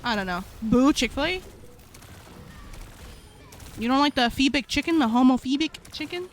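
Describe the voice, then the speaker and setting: A high-pitched woman chats loosely with her stream viewers, rambling in a slangy way and laughing a lot. A faint hum of noise sits behind her voice. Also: animated, normal speed. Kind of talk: casual chat with stream viewers.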